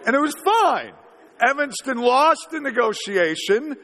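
Male pastor, 40s, high voice, conversational sermon with rhetorical questions, reverberant church hall. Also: big pitch swings, unhurried, a bit bright, some chatter behind, slight background noise.

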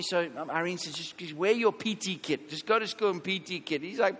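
Guy preaching a sermon, high bright voice, animated storyteller, big hall reverb. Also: fairly quick, hardly any pauses. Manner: animated storytelling, acts out quotes. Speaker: pastor.

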